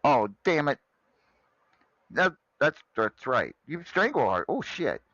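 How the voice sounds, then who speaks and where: A man's voice: on the high side, big pitch swings, takes it slowly, fairly bright tone, no room sound, dull audio. A man hosting a casual chat, stammering and restarting his sentences as he goes. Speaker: show host.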